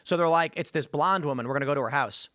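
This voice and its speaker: A man's voice: on the high side, dry recording, studio quality. A man hosting a casual panel talk show, telling stories with quoted voices. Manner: fast, animated storytelling with quoted voices. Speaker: host.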